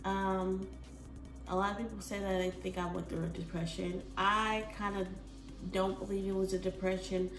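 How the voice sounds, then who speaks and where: A woman's voice: medium pitch, moderate pace, distant mic. Chatty woman in her twenties, roomy echo. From United States. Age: 20s. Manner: rambling, expressive, jumps between soft and loud. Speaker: vlogger. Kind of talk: casual chat. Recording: roomy echo, from the mic, faint music.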